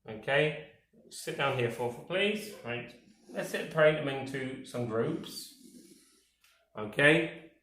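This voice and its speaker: A man a lesson on comparatives, very slowly and pulling words out one by one. His pitch rises and falls widely as he keeps checking that his learners follow. The room around him sounds echoey. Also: a bit bright. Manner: slow, careful, stretches words, checks in with "okay?". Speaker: English teacher.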